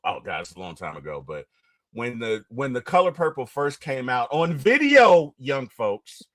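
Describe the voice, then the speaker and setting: A middle-aged man hosting a casual interview, retelling movie scenes with a lot of excitement. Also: mid-range voice, moderate pace, dry recording. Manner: animated, storytelling, gets excited and loud retelling movie scenes. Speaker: interview host.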